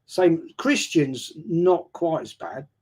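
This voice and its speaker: A man's voice: fairly high pitch, sing-song, slow pace, darkish tone, husky. A man casually telling a story and answering viewer questions on a stream, swearing freely and often stumbling over repeated words. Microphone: streaming setup mic.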